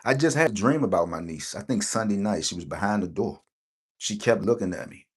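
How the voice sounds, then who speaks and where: A man's voice: fairly low pitch, animated, fairly quick, breathy edge. A middle-aged man, telling a personal story in a rambling way and often checking in with "right?". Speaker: lottery channel host. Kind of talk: casual personal storytelling to viewers.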